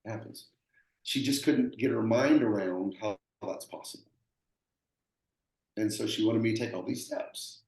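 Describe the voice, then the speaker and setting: A man's voice: on the low side, normal speed, pauses often, darkish tone. Plainspoken Texan man in an echoey room. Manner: earnest, plainspoken, repeats himself and acts out quoted voices. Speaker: roofing contractor, guest. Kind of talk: conversational storytelling.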